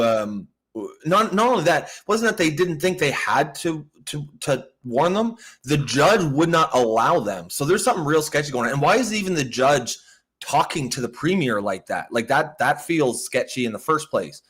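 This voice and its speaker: A man's voice: on the high side, lively intonation, moderate pace, fairly bright tone, breathy edge. A man co-hosting a political talk show, talking bluntly and profanely with many stammered restarts. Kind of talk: casual political commentary.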